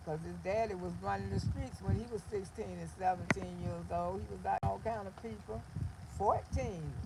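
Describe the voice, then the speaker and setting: An older woman hosting a livestream, talking casually in a blunt, animated storytelling way. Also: mid-range voice, creaky, slight background noise, rough recording. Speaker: livestream host.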